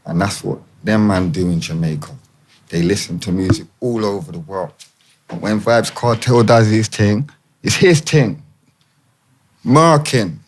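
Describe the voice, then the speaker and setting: A man's voice: low voice, slight background noise. A man, talking as a guest in a casual interview, full of street slang and emphatic asides. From England.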